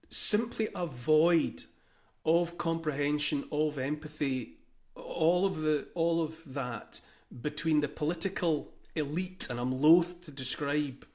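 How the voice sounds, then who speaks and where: A man's voice: a little high, darkish tone. A man from Britain hosting a political interview, asking reflective, searching questions. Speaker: host.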